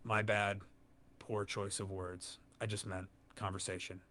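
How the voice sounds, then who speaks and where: Synthetic male AI companion, lower pitch, easygoing and measured. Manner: calm, good-natured, measured. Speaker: AI chat companion. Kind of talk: conversational AI replies.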